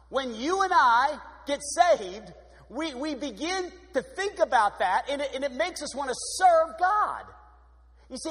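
A man preaching a sermon, animated, swinging from loud exclamations to hushed, prayerful asides. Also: extremely high pitch. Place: church sanctuary. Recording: long echo of a large hall.

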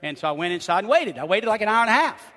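Bright, high-voiced preacher man in a hall. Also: very fast. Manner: humorous, animated anecdotes with laughter. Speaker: pastor. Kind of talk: lively sermon storytelling. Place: church sanctuary. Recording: hall reverb in a church.

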